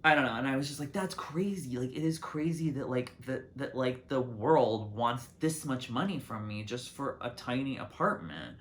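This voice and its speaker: Young man, solo talk show host, mid-pitched voice, filler-heavy ramble, apartment, camera mic. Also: normal speed, hardly any pauses. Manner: chatty, lots of "like" and restarts, lively swings in pitch and loudness. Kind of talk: casual rambling monologue to camera. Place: apartment in a big city.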